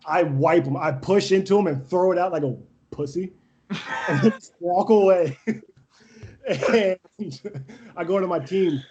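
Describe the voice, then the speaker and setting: A young man telling brash stories in a casual interview, animated and laughing often. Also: sits high, a little slow, dull audio, a little hiss or hum. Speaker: podcast guest, volleyball coach.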